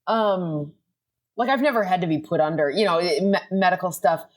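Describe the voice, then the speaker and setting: A woman's voice: on the low side, moderate pace. A young woman, a comedian guest on a podcast, telling a rambling, self-deprecating story in casual chat.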